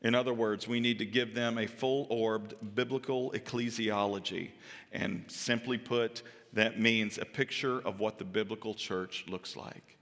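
A man in his thirties preaching a sermon to his congregation, with earnest emphasis that drops into quiet, personal asides. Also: on the low side, fairly even intonation, a little slow. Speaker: pastor. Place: church sanctuary. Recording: long hall reverb. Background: church hall.

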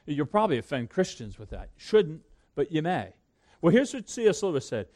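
A man preaching a sermon to a congregation, swinging between loud emphatic peaks and hushed low asides. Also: sing-song, moderate pace. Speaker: pastor.

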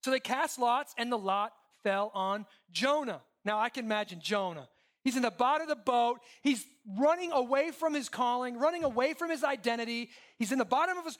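A male pastor preaching a sermon in a conversational, animated way, asking the congregation questions and swinging between loud and hushed. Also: very high voice, fairly quick. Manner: conversational, asks the crowd questions.

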